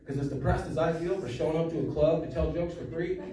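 On a comedy club stage, a man in his thirties delivers wry, self-deprecating stand-up with muttered asides, talking fast in a fairly high, mellow voice. Laughter from the audience rings through the echoey room, and the mic picks him up from a distance.

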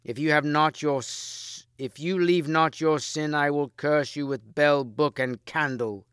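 A man voicing a very old archbishop, grave and stern, speaking slowly and solemnly. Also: medium pitch, steady tone, fairly bright tone, clean tone, dry recording, studio quality, voice pushed up, lightly acted.

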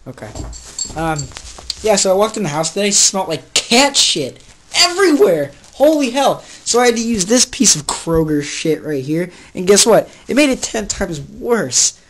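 A teenage boy ranting in a casual vlog. He is crude and jokey, gets sidetracked easily, and swings between loud outbursts and low mutters. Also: big pitch swings, normal speed, slight background noise. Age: teens. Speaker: vlogger.

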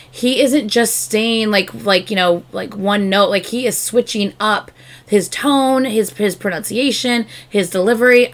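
A woman hosting a reaction video, chatting casually and gushing excitedly with lots of fillers. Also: mid-range voice.

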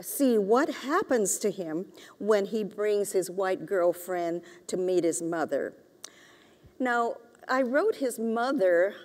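A woman's voice: medium pitch, a little mellow. An author giving a lecture and reading from her novel, a woman who speaks hesitantly with many fillers. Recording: reverberant lecture hall.

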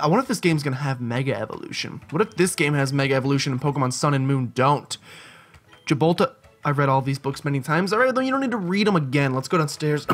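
A man's voice: fairly high pitch, fairly bright tone. A man hosting a let's play, chatting casually, joking and thinking aloud as he plays. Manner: chatty, jokey, thinks aloud and reacts to the game. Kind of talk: casual gameplay commentary. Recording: faint background game music.

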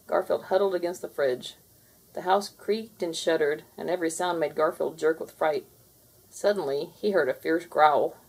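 A woman narrating a children's storybook read-aloud in an expressive way. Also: lowish voice, vocal fry, slightly rough.

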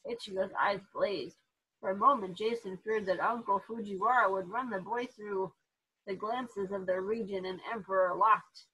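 A woman reading a children's book aloud in an expressive storytelling manner. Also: medium pitch, moderate pace, husky, rough recording. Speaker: reader to therapy dogs.

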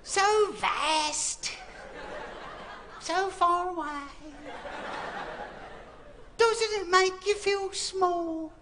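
A man voicing a dreamy, romantic young Englishwoman with an English accent, gushing in drawn-out words. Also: very high voice, a crowd in the background, background noise, voice pushed up, heavily acted.

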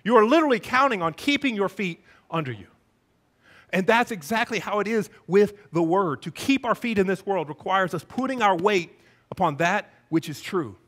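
A male pastor preaches to his congregation with passion and emphasis. His speaking voice sits high for a man. He drives his points home with force. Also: lively intonation, normal speed, a bit bright. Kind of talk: sermon.

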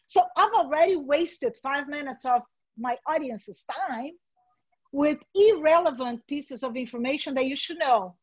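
A high-pitched woman gives a workshop talk over a video call. She speaks in a direct, coaching tone, and her voice comes through dry and slightly dull. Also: a little slow, dry recording. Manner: direct, coaching tone, acts out sample interviews. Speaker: workshop presenter. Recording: dry, dull webinar audio.

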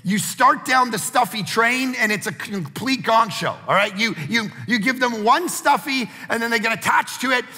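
A man in his forties, a pastor preaching a sermon, who tells a lively family story and acts out the voices in it. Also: very high-pitched, normal speed, hardly any pauses, in a large hall.

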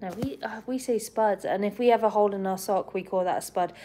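A woman's voice: mid-range voice, fast talker, dark tone, a little hiss or hum. A woman from England hosting a casual live stream, chatting and giggling with viewers and her pet bird.

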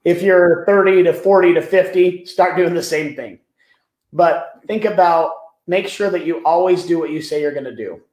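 High-voiced man telling stories animatedly. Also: moderate pace. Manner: animated, repeats words as he talks. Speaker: guest. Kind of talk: storytelling in a business interview. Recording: echoey room.

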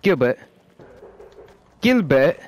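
In profane voice-chat banter, a gamer talks brashly with random teammates, swearing nonstop and putting on an exaggerated fake British accent, calling people "mate" and "wanker." His voice is slightly high with big pitch swings and a darkish tone. He speaks very slowly, and there's no room sound.

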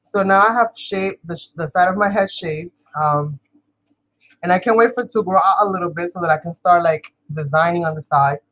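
A woman's voice: lowish voice, a little fast, a bit bright, muffled recording. Chatty New woman crafting vlogger. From New York. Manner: chatty, laughs often, talks to viewers as "you guys". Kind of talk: casual chat while crafting.

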